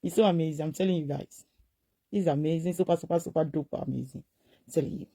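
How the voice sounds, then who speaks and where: A woman in a played social media clip, gushing and tearful with joy, repeating her excitement and mixing Yoruba and English. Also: low voice, fast talker.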